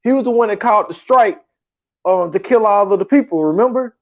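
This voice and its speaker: A man's voice: high voice, a little fast. A man co-hosting a podcast, talking in laid-back casual chat with a lot of "like". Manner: laid-back, heavy use of "like". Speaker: podcast co-host. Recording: slightly dull lo-fi sound.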